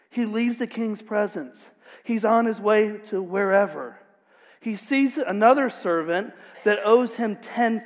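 A man preaching a sermon as pastor, retelling a parable in an emphatic, conversational storytelling way. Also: high-pitched. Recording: long hall reverb.

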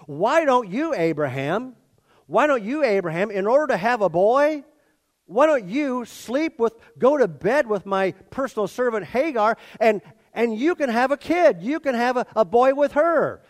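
A man's voice: very high voice, sing-song, moderate pace, pitched above the performer's own voice. A man preaching voices an elderly woman urging her husband, in a raised, insistent tone.

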